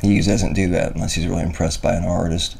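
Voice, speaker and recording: Deep, gravelly man gushing over a song. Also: little pitch movement, racing, very noisy. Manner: enthusiastic, gushing. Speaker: reaction video host. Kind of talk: casual reaction commentary. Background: music from the clip he watches.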